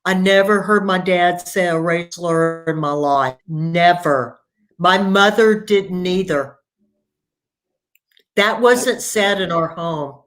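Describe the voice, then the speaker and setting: A woman author as a guest on a live video chat, telling family stories in a warm, storytelling way, heard over a video call. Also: fairly low pitch, slow. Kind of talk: casual interview conversation.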